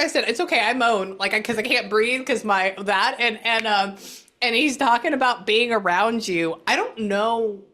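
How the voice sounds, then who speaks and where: A woman psychic medium talks through a reading in a casual, animated way. She is blunt and swears freely. Her voice sits a bit high and sounds bright and forceful. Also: normal speed.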